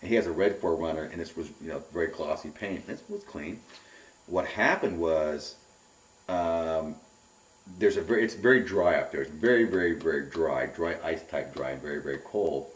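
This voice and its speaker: Deep-voiced man telling a rambling story. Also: moderate pace. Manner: rambling, animated storytelling with repeated words. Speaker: interviewee. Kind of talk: personal account in an interview. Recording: roomy and distant from the mic.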